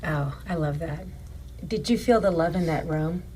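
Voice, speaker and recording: A woman hosting a podcast who responds to her guest in a warm, affirming way. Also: low voice, moderate pace, a little hiss or hum, rough recording. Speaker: podcast host. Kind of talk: supportive interview chat.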